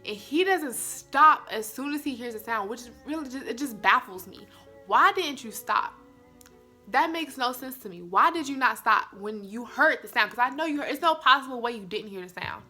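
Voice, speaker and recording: A young woman from the tells her story straight to the camera, animated and chatty. Her voice sits a little high and sounds bright and forceful. Soft music plays faintly underneath. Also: moderate pace. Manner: animated, addresses viewers as y'all. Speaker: vlogger. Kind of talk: storytime vlog.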